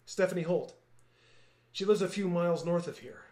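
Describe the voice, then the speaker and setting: A man's voice: sits high, moderate pace, echoey room, natural voice. A man reading a hesitant flustered woman. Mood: tentative. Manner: hesitant, soft-spoken. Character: flustered adult daughter, tentative woman.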